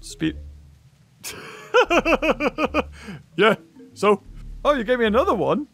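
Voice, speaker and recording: A man giving excitable gameplay commentary, laughing often and yelping at jump scares. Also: very high-pitched, drawn-out words, soft background music. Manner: excitable, laughs a lot, yelps and shouts at scares. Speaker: gaming YouTuber.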